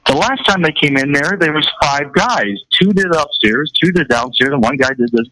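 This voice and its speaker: An older man co-hosting a radio talk show, telling a long rambling story in a casual, animated way. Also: a little high, normal speed, poor audio. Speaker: radio co-host.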